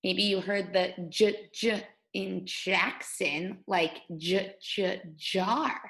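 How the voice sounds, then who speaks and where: A woman teacher leading a guided reading lesson for young children, speaking slowly and patiently. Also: medium pitch, gravelly, fairly bright tone, poor audio. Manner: slow, patient, sing-song teacher voice.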